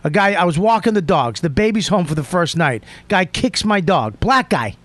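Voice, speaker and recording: A male podcast host with a high, very lively voice that jumps all over the place. He swears constantly and tells a heated comedic story, often breaking into shouts. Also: moderate pace, no room sound. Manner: profane, emphatic, swings into shouting.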